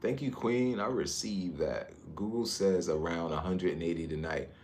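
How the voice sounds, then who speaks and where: A man from Newark, New Jersey, livestreaming casually from a high-rise hotel room on his phone and chatting with viewers about their comments. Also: normal speed, darkish tone, a little hiss or hum. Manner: laid-back, chatty, drifts between comments. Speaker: livestream vlogger.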